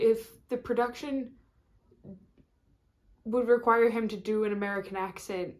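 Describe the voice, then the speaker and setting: A woman vlogging in a casual, rambling chat to camera, full of fillers and restarts. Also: medium pitch.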